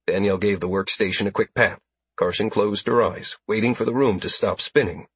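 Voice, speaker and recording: A man narrating an action story as an audiobook reader, in steady, even storytelling. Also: lowish voice, fairly quick, breathy edge, no room sound. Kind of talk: scripted narration.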